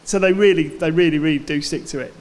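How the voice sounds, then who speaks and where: A man's voice: a little high, quick pace, darkish tone, slight background noise. A man chatting as a guest on a live podcast, telling stories and acting out what other people said. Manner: chatty storyteller, acts out others' lines. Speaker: podcast guest, former baking contestant. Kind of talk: live podcast interview chat. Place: live venue before an audience.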